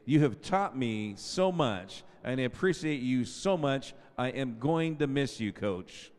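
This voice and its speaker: A man's voice: medium pitch, lively intonation, a little slow, darkish tone. A man in his fifties working as the announcer at a school senior night, drawing out the players' names and adding chatty asides between them. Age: 50s. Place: school gym. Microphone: PA microphone. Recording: echoey gymnasium PA sound.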